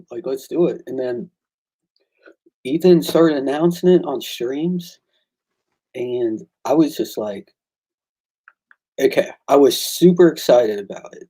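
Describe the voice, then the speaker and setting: A man chats casually about his own comic work and tells stories with enthusiasm, acting out the exchanges he describes. His voice is mellow and a little husky, at a middle pitch. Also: slow pace, long pauses, poor audio. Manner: excitable storyteller, acts out quoted exchanges. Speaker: comic book creator and artist. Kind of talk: casual chat.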